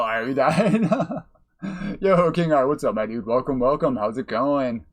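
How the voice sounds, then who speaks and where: हँसमुख पुरुष गेम स्ट्रीमर, बीच-बीच में गाली और हँसी, दर्शकों का शुक्रिया करता हुआ, पीछे धीमा गेम संगीत।. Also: male voice, medium pitch, lively intonation, normal speed, faint music behind. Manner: chatty, swears, laughs often, thanks viewers. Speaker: streamer. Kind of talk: live gameplay commentary.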